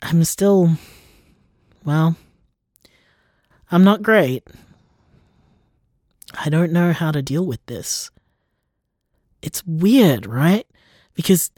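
A man's voice: fairly high pitch, very animated, slow pace, long pauses, darkish tone, dry recording, clean studio sound, full character voice. A man acting a young man who has been hurt by his parents. He sounds shaky and unsure of himself, and he trails off into whispers. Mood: hurt, upset. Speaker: estranged son confiding in his partner. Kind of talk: audio drama acting.

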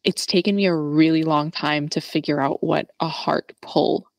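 A young woman with a low, gravelly voice chats as a podcast guest. She speaks in a slangy, animated way, with plenty of casual fillers. The sound is dry and close. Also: normal speed, dry recording. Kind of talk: casual conversational interview.

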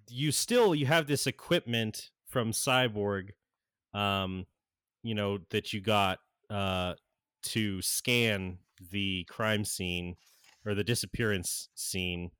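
A man running a tabletop game as game master, narrating in an unhurried way with lots of fillers and frequent laughs. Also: lowish voice, a bit bright, clear, resonant tone, no room sound, clean studio sound.

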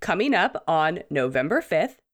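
Woman podcast co-host, sick-sounding voice, animated chatty delivery. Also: low voice, moderate pace. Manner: chatty, laughs between points. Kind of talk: casual podcast chat.

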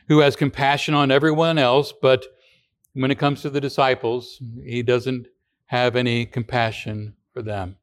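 A man giving a radio sermon as pastor, talking in a conversational way with rhetorical questions and frequent restarts. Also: mid-range voice.

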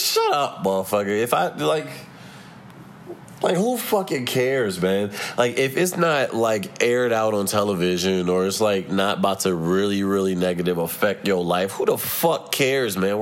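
A man's voice: fairly low pitch, a little hiss or hum. A young adult man hosting his own podcast, talking in a profane, heated, rambling rant. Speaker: podcast host. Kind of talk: casual solo podcast rant.

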